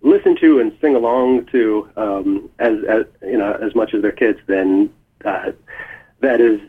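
A man as a guest musician in a phone interview, talking in a relaxed, thoughtful way with many fillers. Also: lowish voice, a little slow, husky. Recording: tinny phone line.

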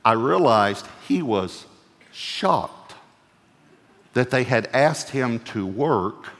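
A male pastor preaching a sermon in an animated way, acting out quoted lines in playful voices and often laughing as he talks. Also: medium pitch, slow, long reverb tail.

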